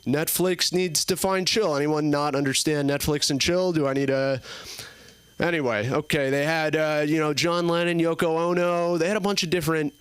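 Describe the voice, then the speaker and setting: A young man in his early twenties works through a stand-up set, wandering through his stories with plenty of fillers. His voice sits slightly high and sounds smooth and clear, and the sound is dry with little room reflection. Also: fairly even intonation, normal speed, no room sound. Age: early 20s. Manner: rambling, filler-heavy storytelling. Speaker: stand-up comedian. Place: comedy club stage.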